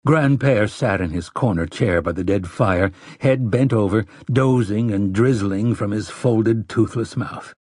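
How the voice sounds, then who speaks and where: Husky male audiobook narrator. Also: lowish voice, dry recording, studio quality. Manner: measured, even storytelling.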